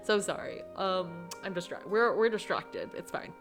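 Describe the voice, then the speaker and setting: A woman's voice: fairly low pitch, lively intonation, moderate pace, music in the background. A woman hosting a gaming channel, gushing and giggling through her playthrough commentary and saying "like" often.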